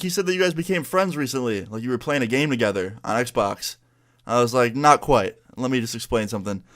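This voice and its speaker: A young man from New York tells a story to his viewers in a casual, chatty way. He acts out what the other people in the story said. His pitch sits in the middle for a man. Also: a bit bright. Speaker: YouTuber.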